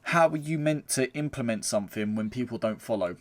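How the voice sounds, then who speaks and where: A man's voice: mid-range voice, brisk. A man, co-hosting a podcast and telling blunt, sweary anecdotes. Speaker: podcast co-host. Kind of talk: casual chat.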